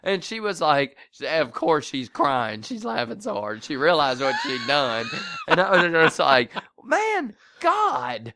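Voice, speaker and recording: A man's voice: fairly high pitch, moderate pace, vocal fry, few pauses, background noise. A middle-aged man co-hosting a casual chat, telling stories with lots of swearing and animation. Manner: profane animated storytelling. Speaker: podcast co-host.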